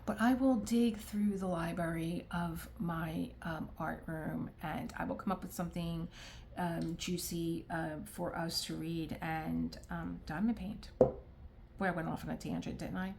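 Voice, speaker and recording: A middle-aged woman with a fairly low voice talks casually to her viewers, working through her thoughts aloud. She rambles and restarts, slipping into quoted asides as she goes. It sounds like a relaxed home vlog recorded in her art room. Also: measured pace, gravelly, slight background noise. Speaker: crafting vlogger. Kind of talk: casual talk to camera while diamond painting.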